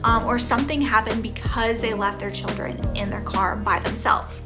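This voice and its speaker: A woman's voice: fairly high pitch, normal speed, few pauses. A woman in her thirties giving a chatty, rambling reaction commentary as a vlogger, full of "you know" fillers. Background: background music.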